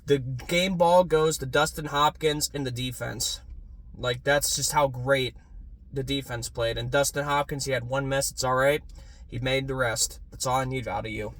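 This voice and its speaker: A young man ranting in a casual sports fan vlog, swearing freely and swinging from low muttering to loud yelling. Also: steady tone, moderate pace.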